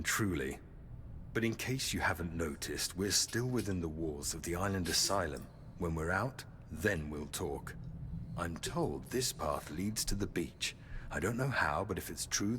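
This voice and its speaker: An actor playing a calm, mysterious male stranger in a video game, speaking in a slow, measured, guarded way. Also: low voice, slight background noise.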